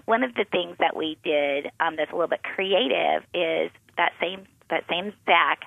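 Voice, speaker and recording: Gravelly woman telling stories on tinny radio. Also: lowish voice, normal speed, no room sound. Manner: lively anecdotes, acts out quoted dialogue. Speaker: radio show guest, pastor's wife and Christian author. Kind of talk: animated personal storytelling in a radio interview. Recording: phone-like narrow sound.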